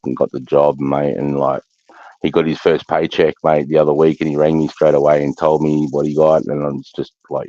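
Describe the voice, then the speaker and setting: A man's voice: extremely low pitch, flat delivery, fairly quick, mellow, no room sound. An Australian man speaking in a blunt, sweary, matey way in casual chat, with a dull lo-fi sound. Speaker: veteran guest.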